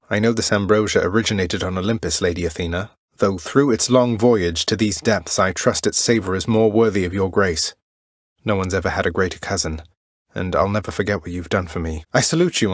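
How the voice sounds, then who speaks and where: Wry, good-natured young underworld prince, lowish voice, dry studio sound. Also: male voice, no echo. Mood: reverent. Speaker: video game protagonist. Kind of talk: game voice lines.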